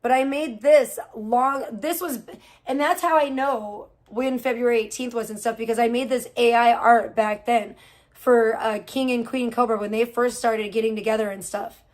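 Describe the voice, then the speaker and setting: Brief: woman streamer, slightly high voice, cussing and gossiping in a loose chatty rant. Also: fairly even intonation, moderate pace. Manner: profane, gossipy, venting about other streamers. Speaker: livestreamer. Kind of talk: casual livestream rant.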